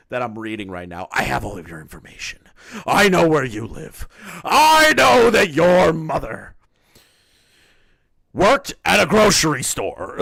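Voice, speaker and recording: A man's voice: medium pitch, fairly bright tone, dry recording, studio quality. Sarcastic man streaming commentary. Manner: sarcastic, reads messages aloud with mocking asides. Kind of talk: casual live-stream commentary.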